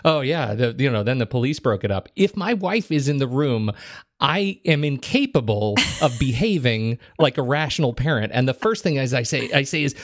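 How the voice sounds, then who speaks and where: A man's voice: mid-range voice, moderate pace, dry recording, clean studio sound. A middle-aged man hosting a podcast, talking casually in a playful, self-mocking way. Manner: playful, self-mocking, jumps into excited mock voice. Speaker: podcast host.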